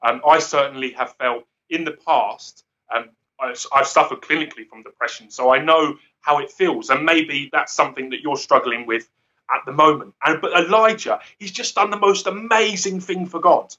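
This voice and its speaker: A man's voice: on the high side, normal speed, bright, forceful tone, highs cut off. A man giving an earnest, rambling devotional talk who often laughs at himself. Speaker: guest speaker.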